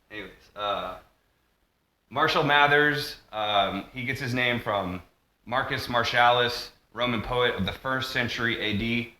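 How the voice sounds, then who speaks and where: A man's voice: medium pitch, moderate pace, sharp tone, a little hiss or hum. A man rambling through a monologue vlog, jumping between tangents with lots of fillers and restarts. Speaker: vlogger. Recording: echoey room.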